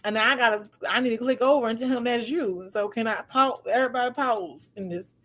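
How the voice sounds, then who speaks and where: A woman's voice: on the high side, brisk. A woman hosting a relationship advice talk, telling stories casually and acting out what people said, often laughing. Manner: animated, acts out quoted voices, laughs often. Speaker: host giving relationship advice.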